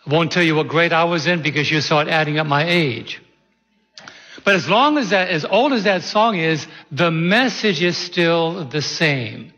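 A man in his sixties, preaching as a pastor, with a somewhat high, ringing voice. He stretches out the words he wants to stress and keeps asking his listeners questions. The sound is muffled and carries a long echo through a large sanctuary. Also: lively intonation, sharp tone. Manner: slow, deliberate emphasis, quizzes the congregation. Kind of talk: sermon. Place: church sanctuary. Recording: echoey hall, dull sound.

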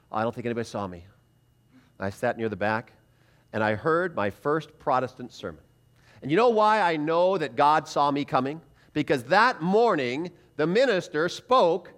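A middle-aged man preaching at a prophecy seminar, telling his conversion story in an animated way and acting out his past thoughts. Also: a little high. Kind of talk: personal testimony sermon.

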